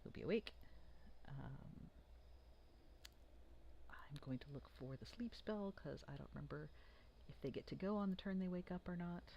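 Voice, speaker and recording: A game master narrating a tabletop fantasy game in a playful, animated way. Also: mid-range voice, moderate pace, gravelly, long pauses, muffled recording, a little hiss or hum.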